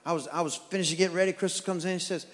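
A man from East Texas with an East Texas accent preaching a sermon as pastor, telling stories with animated, stammering restarts. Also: high voice, rapid-fire, long reverb tail. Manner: animated storytelling with repeated restarts.

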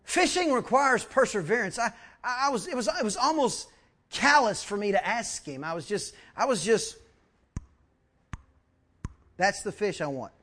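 A man's voice: very high-pitched, moderate pace. A man preaching a sermon, telling stories and acting out quotes with lots of repeated words. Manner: animated, acts out quotes, repeats words when excited. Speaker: pastor. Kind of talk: sermon with storytelling.

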